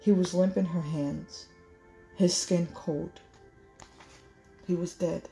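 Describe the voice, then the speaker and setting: A woman reading a novel aloud in measured storytelling, correcting small slips as she goes. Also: lowish voice, fairly even intonation, creaky, warm tone, faint music behind. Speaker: audiobook reader.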